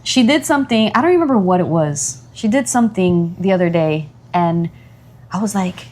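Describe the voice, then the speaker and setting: Woman, podcast co-host, casual chat, animated, talks with fillers. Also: moderate pace. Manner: animated, acts out her child's voice in high pitch.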